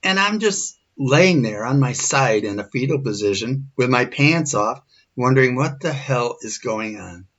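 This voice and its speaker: A man's voice: mid-range voice, lively intonation, a little slow, a bit bright. A man in his forties, shaken and earnest, telling a personal story. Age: 40s. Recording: dull lo-fi recording.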